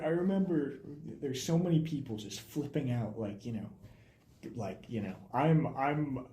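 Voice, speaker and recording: Animated young man in a roomy room. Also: mid-range voice. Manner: animated storyteller, gets loud when excited. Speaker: film student director, guest. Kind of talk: casual podcast chat. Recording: roomy echo.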